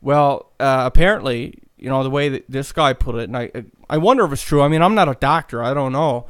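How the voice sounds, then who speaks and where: A man's voice: medium pitch, a little fast, fairly bright tone, clean tone, no room sound, clean studio sound. A man hosting a podcast, talking casually in a rambling way with many fillers and restarts. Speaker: podcast host.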